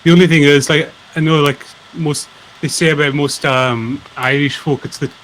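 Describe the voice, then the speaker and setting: A man's voice: on the high side, steady tone, moderate pace, fairly bright tone, slight background noise, poor audio. A man chatting casually on a live stream, loose and full of fillers.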